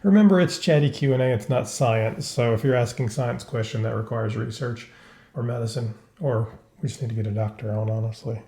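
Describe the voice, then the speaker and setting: A man's voice: mid-range voice, brisk, creaky, dark tone, roomy sound. A man co-hosting a casual chat show, laid-back and teasing as he makes announcements. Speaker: co-host.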